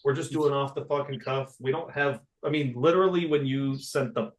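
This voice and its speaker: A man's voice: medium pitch, fairly even intonation, a little fast. Man, casual podcast co-host, swears a lot, laughs through stories, video call. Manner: profane storytelling, laughing often. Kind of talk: casual chat.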